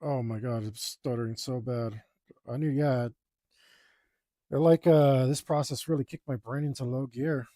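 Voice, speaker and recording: A man's voice: medium pitch, fairly even intonation, normal speed, mellow, no room sound, studio quality. Self-mocking, rambling man talking while drawing. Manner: rambling, self-deprecating, groans and sighs aloud. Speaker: artist streaming his drawing process. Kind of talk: casual talk while working.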